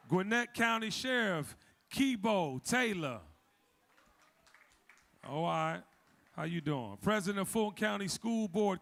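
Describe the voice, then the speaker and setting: Emcee: joking man, high gravelly voice, live event roll call. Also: fairly bright tone. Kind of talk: live event shout-outs. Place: event hall with audience.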